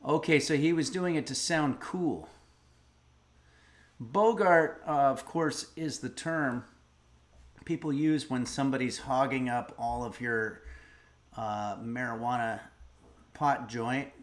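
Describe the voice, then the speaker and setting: A man's voice: mid-range voice, slow, long pauses. A middle-aged man hosting a livestream, musing aloud in a rambling, casual way as he reads donations and a recipe. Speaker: streamer host.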